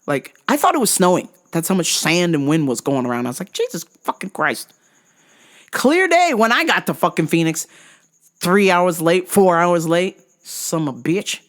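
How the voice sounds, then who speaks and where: A woman telling a profane comic travel rant in an animated manner, jumping into high outbursts. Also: normal speed. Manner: animated, swearing, jumps into high-pitched outbursts. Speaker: vlogger.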